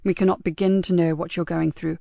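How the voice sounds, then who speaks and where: A guarded male police sergeant with a clipped, measured delivery, voiced by a woman reading an audiobook. He comes across as quietly compassionate. The voice has a slightly gravelly edge, and the recording is dry and close. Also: a little high, level tone, no room sound. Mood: gentle.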